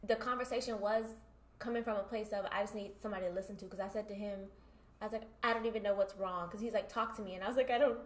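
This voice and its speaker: A woman's voice: medium pitch, fairly even intonation, quick pace. A woman co-hosting a podcast in casual chat, telling personal stories and acting out both sides of the conversations. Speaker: podcast co-host. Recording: echoey room.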